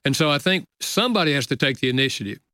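An older man, a guest author, telling a personal story in an earnest, measured way in a casual conversation. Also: mid-range voice, lively intonation, sharp tone, dry recording, clean studio sound.

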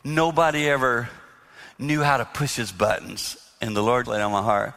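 A man preaching about marriage to a live room, his voice forceful and bright. He speaks emphatically and sinks to a soft, hushed tone whenever he quotes his own words. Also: mid-range voice, fairly even intonation, normal speed, creaky, long reverb tail. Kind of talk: live talk to an audience. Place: hall with audience.

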